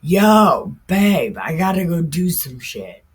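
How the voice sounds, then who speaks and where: A woman's voice: on the low side, sing-song, slow pace, breathy edge, full character voice. A woman voicing a blunt, sassy mother of old who talks in cussing street slang.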